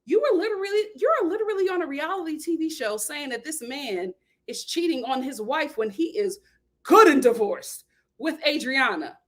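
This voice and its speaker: A woman's voice: high-pitched, moderate pace. A woman hosting a casual reality TV commentary vlog, talking emphatically and animatedly. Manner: emphatic, animated, acts out quotes. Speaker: host.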